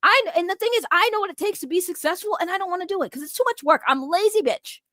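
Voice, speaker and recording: A woman YouTuber ranting in a heated, mocking, profane way to her viewers, often surging loud and fast. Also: extremely high pitch, lively intonation, no echo. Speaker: drama commentary YouTuber. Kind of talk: heated rant to camera.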